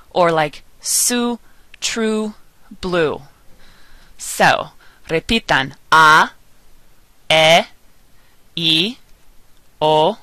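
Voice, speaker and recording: A woman teaching a beginner Spanish lesson, drilling sounds slowly and pausing for learners to repeat. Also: fairly low pitch, pushed and bright, dry recording. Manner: slow, patient drilling with pauses for repetition. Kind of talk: recorded online lesson.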